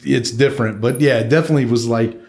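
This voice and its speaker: A man's voice: medium pitch, steady tone, fast talker, gravelly, darkish tone. A man co-hosting a podcast in easy casual chat, laid-back with many fillers. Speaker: podcast co-host.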